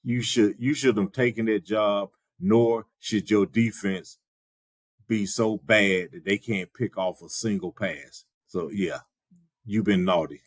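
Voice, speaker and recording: A man co-hosting a sports podcast in casual chat, measured and dryly sarcastic. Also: lowish voice, no room sound, studio quality. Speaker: podcast co-host.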